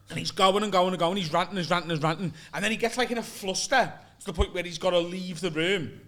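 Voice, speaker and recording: A man, a guest comedian telling an animated anecdote in casual chat and swearing freely. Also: high voice, fairly quick.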